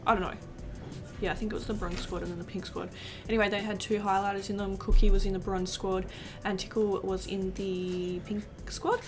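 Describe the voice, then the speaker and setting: A woman's voice: medium pitch, level tone, brisk, over music. A 19-year-old woman, a beauty vlogger, chatting casually while doing her makeup, gushing and rambling with lots of fillers.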